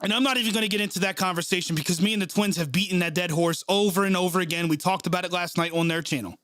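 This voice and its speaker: A man's voice: sits high, fairly even intonation, very fast, a bit bright, no echo, clean studio sound. A man ranting heatedly and swearing while hosting a live reaction stream of a football game. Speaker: sports live-stream host. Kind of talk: angry live play-by-play reaction.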